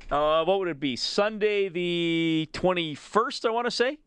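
A man from Alberta hosting sports talk radio, his voice smooth and a touch higher than most men's. He reads listener texts with amused asides and recorded dry in a studio. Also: slow pace, a bit bright, no room sound. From Alberta, Canada. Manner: chatty, self-amused, laughs at listener texts. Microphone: studio microphone.

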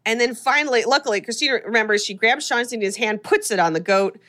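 A woman hosting a casual podcast chat, retelling a horror movie plot with animated storytelling and acted-out lines. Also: fairly high pitch, fast. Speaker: podcast host recapping a film.

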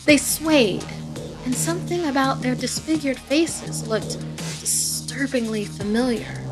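A woman giving scripted, dramatic narration of a horror story, dropping to a hush in tense moments. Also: high voice, measured pace, music in the background.

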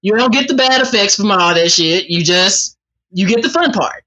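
A man's voice: high-pitched, expressive, pushed and bright, poor audio. A man joining a casual podcast by headset, asking a rambling question with fillers. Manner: halting, loose, with fillers. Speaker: guest. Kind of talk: casual group chat.

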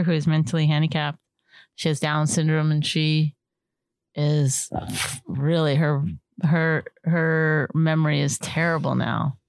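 A woman's voice: sits low, no room sound. A woman co-hosting a podcast, teasing her husband in casual banter and often mimicking voices. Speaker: podcast co-host.

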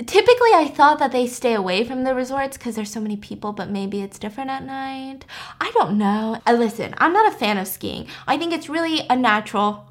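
High-voiced chatty young woman. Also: a bit bright. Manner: chatty, joking, swears, laughs often. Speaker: podcast host. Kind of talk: casual chat recapping a movie.

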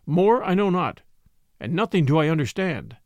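A man's voice: fairly high pitch, very animated, normal speed, no echo. A man reading a gloomy, bewildered young soldier in an audiobook, subdued in tone.

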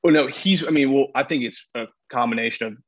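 A man's voice: medium pitch, quick pace, breathy edge, dry recording, lo-fi sound. A man co-hosting a casual sports talk show, rambling through his points with lots of fillers and restarts. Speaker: podcast co-host, soccer analyst.

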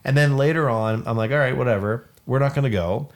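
A Canadian man in his thirties, with a mid-range voice and a slightly fast pace, co-hosts a podcast. In a casual chat, he tells a personal story earnestly and ramblingly, restarting often.

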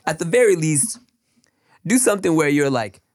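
A man co-hosting a podcast in casual, profane chat, his throat a little rough from a cold. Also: a little high, lively intonation, normal speed, darkish tone, no room sound, studio quality. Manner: swearing, storytelling, playful. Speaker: podcast co-host.

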